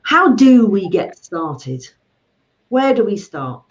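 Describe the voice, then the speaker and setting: A woman's voice: medium pitch, takes it slowly. A middle-aged woman, a money coach chatting and telling stories, often acting out voices. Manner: animated storyteller, acts out voices. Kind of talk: casual video chat. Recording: dull lo-fi sound.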